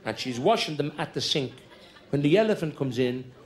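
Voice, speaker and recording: A man's voice: a little high, animated, moderate pace. A middle-aged Irish man telling long comic stories on stage in a chatty, conspiratorial way, building jokes through repetition. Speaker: stand-up comedian. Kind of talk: live stand-up storytelling.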